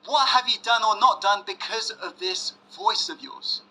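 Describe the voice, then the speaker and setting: A man giving a motivational self-help masterclass, pressing the audience with questions and dropping to hushed emphasis. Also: high voice, measured pace, rough recording. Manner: emphatic, asks audience to say yes, swings loud and hushed. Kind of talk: motivational webinar talk.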